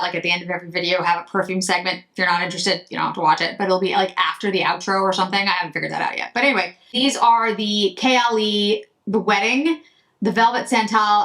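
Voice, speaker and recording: Woman, beauty vlogger, casual makeup chat, rambling, self-interrupting, mid-pitched voice. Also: a bit bright.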